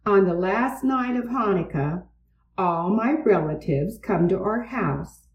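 A woman's voice: mid-range voice, animated, takes it slowly, muffled recording. A woman voicing a sincere young girl explaining something dear to her, in a storybook reading recorded in a roomy space. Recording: roomy, distant mic.

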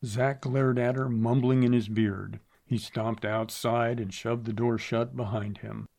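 A man's voice: mid-range voice, little pitch movement, measured pace, gravelly, few pauses, darkish tone. Man narrating a western audiobook.

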